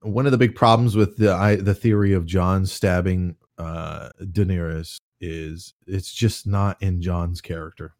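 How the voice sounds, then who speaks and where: A man's voice: low-pitched, unhurried, hardly any pauses, no echo, studio quality. A man in casual chat about a fantasy series, swearing freely and talking it through with animation. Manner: animated, profane, swings into loud mocking voices.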